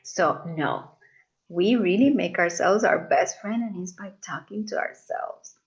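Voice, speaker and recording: A woman leading a live masterclass, talking warmly to her audience and acting out the voices people use on themselves. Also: fairly low pitch, measured pace, dull audio. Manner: expressive, acts out inner voices, addresses audience as "you guys". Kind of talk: live online masterclass talk.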